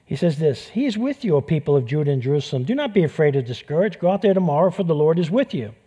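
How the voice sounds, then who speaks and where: Impassioned New York preacher, higher voice. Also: male voice, big pitch swings, quick pace, dark tone, breathy edge. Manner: impassioned, repeats phrases for emphasis. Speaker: pastor. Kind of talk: sermon.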